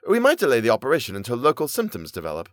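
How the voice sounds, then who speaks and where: A man as a calm, clinical surgeon. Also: mid-range voice, very fast, no room sound, studio quality. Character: cool-headed Victorian surgeon, man.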